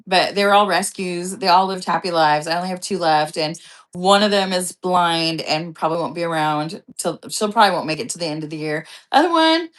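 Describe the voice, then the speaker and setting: A woman hosting a vlog in casual chat, rambling and swearing freely as she tells stories. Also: on the low side. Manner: rambling, profane, chatty. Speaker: vlog host.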